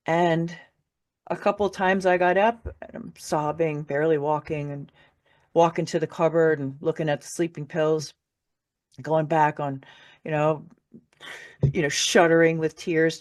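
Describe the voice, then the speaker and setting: In a deep voice at a measured pace, a woman author shares a personal story as a podcast guest. The conversation is emotional, and she's candid, swears freely, and laughs through the difficult parts.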